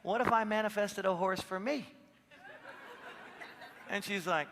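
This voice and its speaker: Animated high-voiced man in a hall. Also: measured pace, long pauses. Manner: animated storytelling, acting out voices. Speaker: seminar speaker. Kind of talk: live seminar talk.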